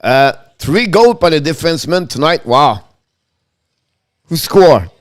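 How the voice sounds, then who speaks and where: Guy doing hockey play-by-play on his stream, laughs a lot, clean smooth voice, dry close mic. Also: a little high, slow pace, dry recording. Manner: excitable, laughs often, broken English phrasing. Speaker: live-stream hockey host. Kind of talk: live play-by-play commentary.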